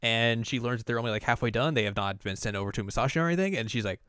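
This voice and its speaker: A man's voice: mid-range voice, very fast, fairly bright tone, smooth, dry recording, clean studio sound. A man hosting a casual anime recap, rambling with lots of fillers and acting out the characters. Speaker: host.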